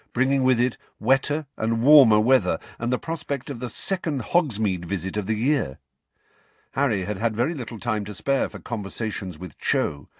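Man, audiobook narrator, animated pitch, husky tone, dry close sound. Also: no echo. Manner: expressive, lively storytelling. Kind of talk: scripted narration.

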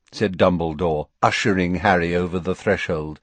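A man narrating an audiobook chapter in a measured, expressive storytelling manner. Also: on the low side, breathy edge, no room sound. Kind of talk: scripted narration.

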